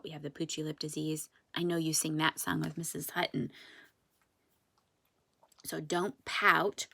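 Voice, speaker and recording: Slow, sing-song woman phonics teacher. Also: lowish voice, creaky, a bit bright. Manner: slow, sing-song and encouraging, drawing out words. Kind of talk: phonics lesson for young children. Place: classroom or home with whiteboard.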